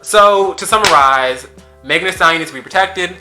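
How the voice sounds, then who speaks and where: A man's voice: high voice, normal speed, music in the background. A man ranting in a social media commentary, emphatic and sassy, firing repeated rhetorical questions, with his mouth still swollen after wisdom teeth removal. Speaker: YouTube commentator.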